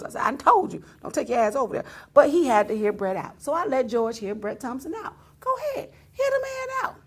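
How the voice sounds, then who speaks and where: A woman talk show host tells a story, her high voice swinging widely up and down. She laughs often and breaks into exclamations as she acts out what others said. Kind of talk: animated storytelling monologue.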